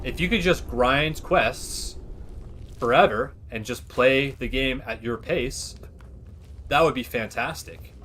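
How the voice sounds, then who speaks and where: A man streams a game while chatting casually, rambling through his opinions with plenty of "like" and other fillers. His medium-pitched voice is slow and fairly bright, with slight background noise.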